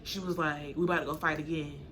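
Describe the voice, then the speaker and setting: A young woman casually telling a story to camera, acting out what people said with sudden high jumps in her voice. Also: quick pace, a little hiss or hum. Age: young adult. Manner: animated, acts out quotes with sudden high pitch jumps. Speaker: storytime vlogger.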